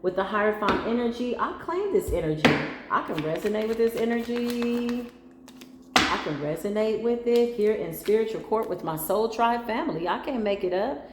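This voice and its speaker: A woman's voice: on the high side, lively intonation, normal speed, heavy background noise. A woman with a mixed Spanglish accent giving a spiritual tarot reading, emphatic and slangy, talking straight to her viewers. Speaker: tarot reader. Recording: echoey room with faint ambience.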